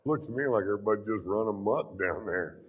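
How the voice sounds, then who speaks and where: A middle-aged man doing a stand-up comedy routine, telling crude stories in a dry, deadpan drawl. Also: fairly low pitch, fast, lo-fi sound, background noise.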